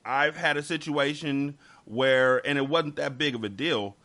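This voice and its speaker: A man's voice: medium pitch, unhurried, sharp tone. A man hosting a casual podcast chat, talking emphatically and repeating words as he gets heated. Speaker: podcast host.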